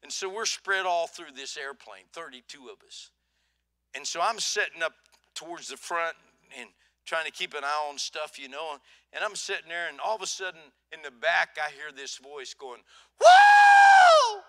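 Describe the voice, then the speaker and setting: A man preaching in a church sanctuary with a high voice and a very bright, forceful ring. He tells stories in an animated way, dropping low and hushed and then rising loud. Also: moderate pace. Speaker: pastor. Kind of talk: sermon.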